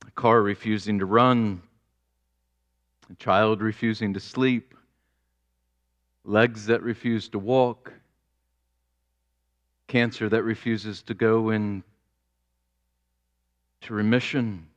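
A man preaching a sermon as pastor, deliberate, building to fervent exclamations. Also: fairly low pitch, steady tone, muffled recording.

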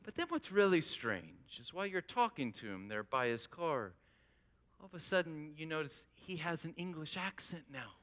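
A man preaching a sermon as a pastor, telling an animated illustration to his congregation with rising emphasis. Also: on the high side, moderate pace.

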